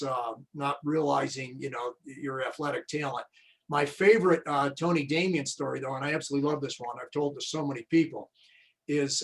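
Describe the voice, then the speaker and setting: A man's voice: fairly high pitch, vocal fry, low-quality recording. A man hosting an interview as a coach, chatting in long, rambling anecdotes. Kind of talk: casual interview.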